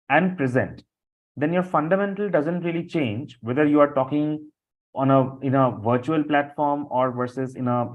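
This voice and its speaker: A man leading a live online training session over a video call, speaking loosely with frequent fillers and restarts. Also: medium pitch. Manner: loose, repetitive talk with many fillers. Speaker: session instructor. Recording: dull lo-fi call audio.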